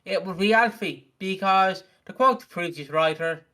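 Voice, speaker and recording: A man's voice: sits high, normal speed, few pauses, bright, forceful tone. A man from Britain co-hosting a podcast, joking casually with lots of hesitant ums while recapping a soap. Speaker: podcast co-host.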